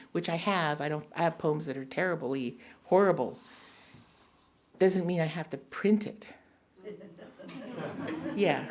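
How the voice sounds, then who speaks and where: A woman's voice: sits low, darkish tone, slight background noise. A woman poet at a public reading, telling rambling personal stories between poems and laughing often. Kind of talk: storytelling talk between poems.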